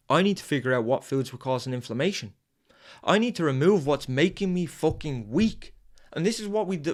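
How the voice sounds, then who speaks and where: A man hosting a podcast, delivering an intense, profane motivational monologue. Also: on the high side. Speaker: podcast host.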